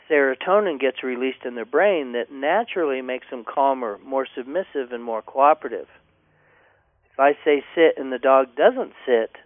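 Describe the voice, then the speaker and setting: A man's voice: mid-range voice, no echo. A man giving dog training advice in a confident, instructive way, speaking over the phone. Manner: confident, instructive, repeats catchphrases. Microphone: telephone. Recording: tinny phone line, dry.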